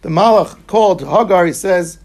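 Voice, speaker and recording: A man's voice: high-pitched, moderate pace, darkish tone. A man teaching a Talmud class, reading the Aramaic and explaining it line by line in English.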